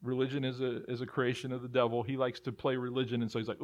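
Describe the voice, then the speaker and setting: A man's voice: medium pitch, little pitch movement, quick pace, few pauses. A male pastor preaching a sermon, emphatic and repeating phrases as he builds his points.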